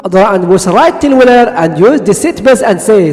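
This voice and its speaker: A man's voice: high-pitched, animated, normal speed, darkish tone. A man retelling a cartoon aloud as a storyteller, narrating in simple broken English. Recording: long echo, faint music behind.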